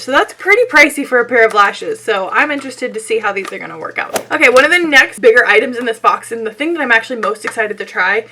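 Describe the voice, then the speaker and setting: Hoarse young woman, high bright voice, chatty beauty vlogger with a scratchy throat, giggly asides. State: hoarse, losing her voice. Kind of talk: casual unboxing chat.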